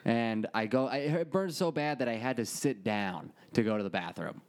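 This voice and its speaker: Man telling a crude story, smooth voice. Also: medium pitch, expressive, normal speed, no echo. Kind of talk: casual storytelling chat.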